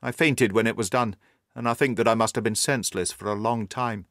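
Give me a man doing a courteous young engineer, shaken, formal and quick in a dry recording. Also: fairly low pitch, steady tone, a bit bright, no echo. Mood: matter-of-fact. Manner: formal, courteous Victorian speech. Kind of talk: audiobook character reading.

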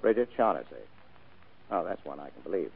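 An actor playing a hard-boiled private detective in a vintage radio drama, terse and dryly wisecracking. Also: male voice, low voice, sing-song, a little fast, creaky, slightly rough, heavily acted. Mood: dry, wry. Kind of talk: 1940s radio acting. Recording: tinny old radio broadcast recording.

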